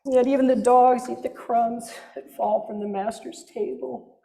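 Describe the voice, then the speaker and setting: A woman putting on a soft, grovelling, pleading voice of a meek woman begging, recorded in a reverberant church hall. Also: on the high side, steady tone, unhurried, creaky.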